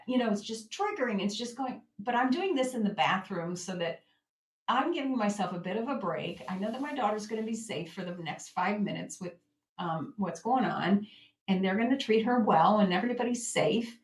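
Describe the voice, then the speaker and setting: A woman's voice: mid-range voice, lively intonation, normal speed. Woman coaching in an echoey room. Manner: gentle, acts out her own inner thoughts. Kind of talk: reflective self-help teaching.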